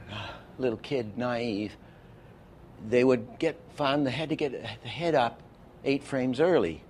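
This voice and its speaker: A man's voice: mid-range voice, slow, a little mellow, slight background noise. Man teaching an animation masterclass. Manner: explains with false starts, counts frames aloud. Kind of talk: masterclass lecture.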